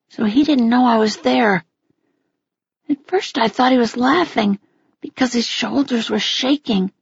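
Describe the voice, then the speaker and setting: A woman reading a first-person story aloud in a slow, quiet and intimate way. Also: fairly high pitch, creaky, husky, no room sound, lo-fi sound. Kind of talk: scripted audiobook narration.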